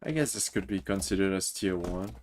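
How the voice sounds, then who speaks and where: A very low-voiced man in his twenties, from Mauritius and a native French speaker, talks casually through a game stream. He reads viewers' messages aloud and chats back between thoughts on the map, with a faint hum of noise behind him. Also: animated, brisk. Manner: chatty, reads chat aloud and answers it. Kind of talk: casual livestream chat. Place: home room, Toronto.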